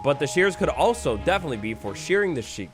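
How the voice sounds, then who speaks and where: A young man doing energetic, jokey commentary over his own game play, with bursts of mock drama. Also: a little high, quick pace, music in the background. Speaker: gaming YouTuber. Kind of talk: Minecraft let's-play commentary.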